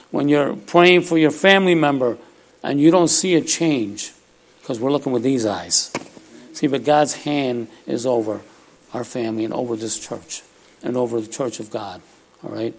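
A man preaching a sermon with a gravelly edge to his voice. He talks in a loose, conversational way, often pausing to ask his listeners "all right?" His pitch sits in an ordinary middle range for a man, neither high nor low.

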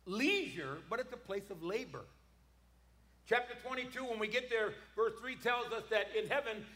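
A man's voice: extremely high pitch, fairly bright tone, roomy sound. A man preaching a sermon, emphatic, repeating words and calling for responses from the congregation.

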